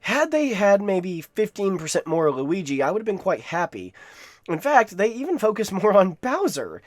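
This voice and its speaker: A man's voice: sits high, wildly swooping pitch, moderate pace, no echo. A man giving a casual, rambling spoken movie review, with frequent restarts and asides. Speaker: film reviewer.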